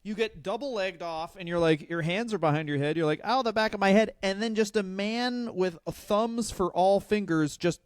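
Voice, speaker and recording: A man's voice: sits high, normal speed, hardly any pauses, clean tone, no room sound, clean studio sound. A man co-hosting a podcast, talking in a loose, rambling way and laughing easily. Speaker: podcast co-host. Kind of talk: casual comedic chat.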